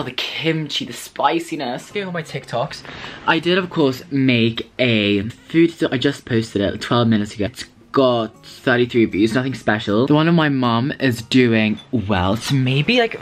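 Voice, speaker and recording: A man's voice: mid-range voice, fairly bright tone. A young man from Sweden talking to camera in a casual vlog, dramatic, camp and self-mocking, swearing often. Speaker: vlogger.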